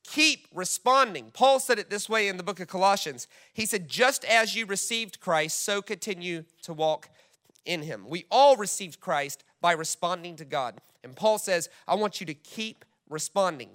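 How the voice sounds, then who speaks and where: A man's voice: sits high, lively intonation, normal speed, fairly bright tone. A man preaching a sermon, emphatic and direct, reading scripture aloud to his congregation. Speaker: pastor.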